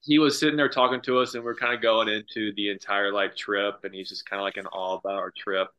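A golf professional from the north-east USA, appearing as a podcast guest, tells stories casually in a fast, fairly low, level voice that sounds pushed and bright. He rambles and says "like" constantly, and the recording has a dull lo-fi sound.

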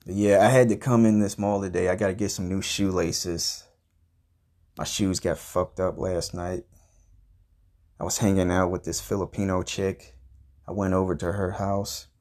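A man hosting a comedy podcast, telling a crude, profane story in a rambling, deadpan way and grumbling about everything. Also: low voice, moderate pace. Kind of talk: improvised comedic monologue.

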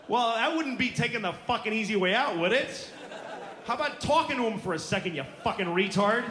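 A man's voice: high voice, animated, brisk, background noise. A man doing stand-up comedy in a theater, ranting in an exasperated, profane way. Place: theater stage. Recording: echoey theater, audience laughter.

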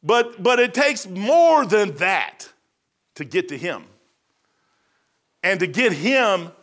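A man in his sixties preaching a sermon, telling folksy stories and swinging between loud punchy lines and soft asides. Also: high-pitched, sing-song, takes it slowly. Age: 60s.

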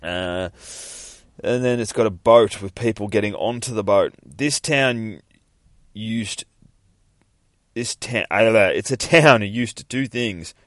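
A man with a very low voice hosts a podcast, walking through a comic book in a loose, casual way. He rambles, swears freely and laughs as he goes. The recording is dry and close, with no room sound. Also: slow pace, pauses often, no echo. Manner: rambling and profane, laughing often. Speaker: podcast host.

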